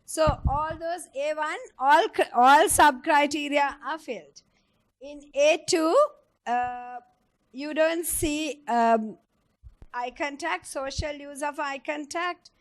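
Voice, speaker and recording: A woman's voice: high-pitched, takes it slowly. A woman giving a clinical teaching lecture, explaining step by step and putting questions to her audience.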